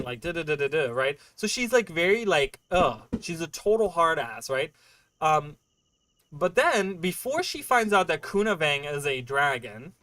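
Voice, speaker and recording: A man's voice: on the high side, sharp tone. A man streaming a game, chatting casually and answering chat, rambling with lots of fillers and "right?" checks. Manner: answers chat questions while playing.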